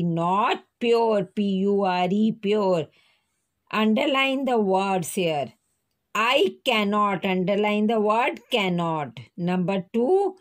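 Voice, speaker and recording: Woman teacher, very slow and patient, spells each word out for young pupils. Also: medium pitch. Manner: slow, spells words letter by letter. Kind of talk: primary school lesson.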